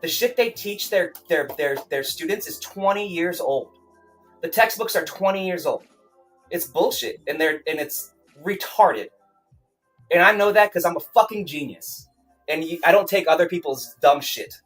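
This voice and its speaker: A man's voice: fairly high pitch, moderate pace, fairly bright tone, soft background music. Profane, rambling man streamer. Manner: heated, profane, rambling with restarts. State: angry, then calming down. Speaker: streamer, self-published author. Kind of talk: casual livestream rant.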